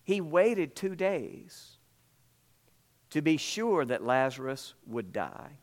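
A man preaching a sermon as pastor, emphatic and repetitive, acting out the people in the story. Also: medium pitch.

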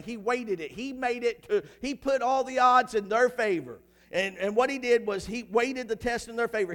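A man with a high-pitched voice preaches a sermon in a church. He reads scripture quietly, then builds to loud, shouted passages.

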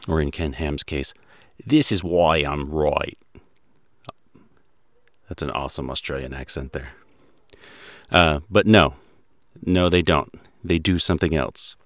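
A man's voice: deep voice, no echo, clean studio sound. A man hosting a podcast, narrating a story in a wry, conversational way. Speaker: podcast host.

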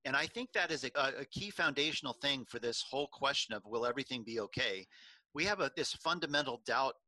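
A middle-aged man hosting a faith-based talk, asking reflective, measured questions. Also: mid-range voice, lively intonation, sharp tone, no echo, low-quality recording. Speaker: podcast host.

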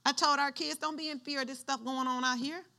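A woman's voice: high-pitched, steady tone, a little fast, vocal fry, sharp tone. A woman pastor preaching a sermon in church, using call-and-response and having the congregation finish her lines.

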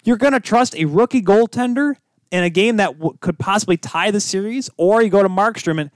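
A man hosting a casual hockey podcast, animated and teasing, breaking into loud bits. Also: high-pitched, a little fast, no echo. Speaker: podcast host. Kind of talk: casual sports chat.

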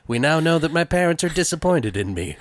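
A man's voice: fairly high pitch, big pitch swings, moderate pace. A man co-hosting a podcast in swearing, playful, self-mocking casual chat. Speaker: podcast co-host.

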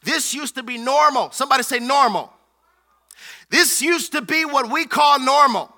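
High, bright-voiced joking preacher man. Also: moderate pace. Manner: playful, joking, calls on the congregation. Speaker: pastor. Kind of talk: sermon.

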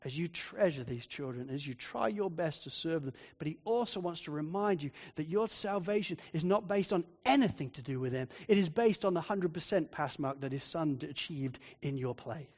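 Man, pastor, animated sermon, high-pitched voice, echoing church hall. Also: normal speed, few pauses. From Australia. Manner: animated, direct address to the congregation. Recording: long reverb of a church hall.

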